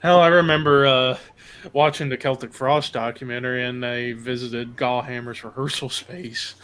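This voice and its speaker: A man in a casual podcast chat, enthusiastic and quick to laugh. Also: mid-range voice, fairly even intonation, a bit bright, clear, resonant tone.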